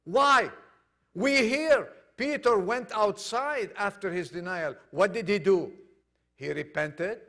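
A man preaching a sermon to a congregation, acting out quoted dialogue and swinging from loud declarations to hushed lines. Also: high-pitched, takes it slowly. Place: church congregation.

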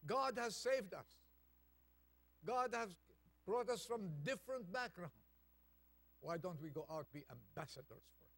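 A man preaching a Thanksgiving sermon, reading a poem aloud softly and then building up with rising intensity. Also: sits high, lively intonation, measured pace, vocal fry, pauses often, no room sound.

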